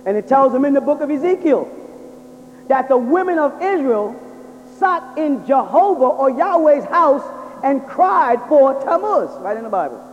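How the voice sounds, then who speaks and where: Man, lecture-style sermon, rhetorical questions, dull lo-fi sound, faint hiss. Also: very high-pitched. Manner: drills listeners with rhetorical questions. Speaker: religious lecturer. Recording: dull lo-fi recording in a reverberant hall.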